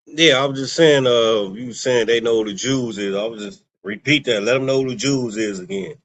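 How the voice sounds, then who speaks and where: A man's voice: medium pitch, moderate pace, slight background noise. A man co-hosting a casual religious discussion, rambling and often checking in with his listener. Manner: rambling, keeps asking "you understand me". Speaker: co-host.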